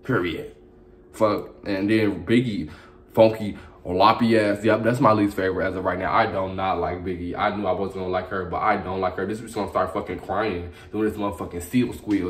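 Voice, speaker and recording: A man's voice: deep voice, steady tone, a little fast. A young man giving a brash, profane, sassy commentary in a casual video review. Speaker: reality show reviewer.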